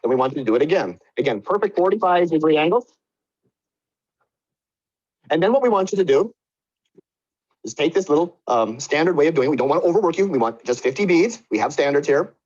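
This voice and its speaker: A man's voice: on the high side, expressive, a little fast, pauses often, darkish tone. A man doing a pompous factory boss. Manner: condescending, over-explaining. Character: pompous male factory manager bossing workers. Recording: muffled lo-fi audio.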